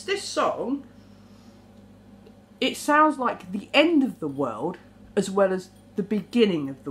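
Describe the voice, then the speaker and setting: A woman talking to camera in a rambling, animated monologue, swearing now and then. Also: mid-range voice, slight background noise. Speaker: vlogger.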